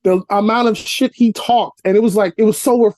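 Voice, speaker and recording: A man's voice: normal speed, no echo. A young adult man from Brooklyn, a guest telling casual stories in an interview over a video call from his apartment, acting out dialogue as he goes. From Brooklyn, New York. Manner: animated storyteller, acts out dialogue with rising pitch. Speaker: actor and comedian guest. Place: cluttered apartment room.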